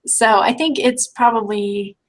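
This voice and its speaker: A woman co-hosting a casual book chat, relaxed and trailing off mid-thought. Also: on the high side, a little slow, low-quality recording.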